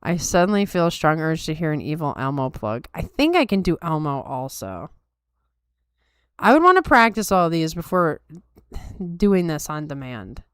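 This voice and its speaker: With a low, sing-song voice that is clear and resonant, a tired woman hosts a podcast and casually banters with her live chat, wry and self-deprecating. She talks at normal speed, and the recording is dry with clean studio sound.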